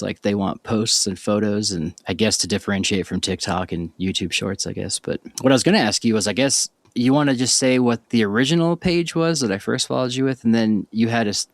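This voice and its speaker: A man hosting a podcast interview, talking in a relaxed, rambling way with lots of fillers. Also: lowish voice, rough recording. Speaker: podcast host.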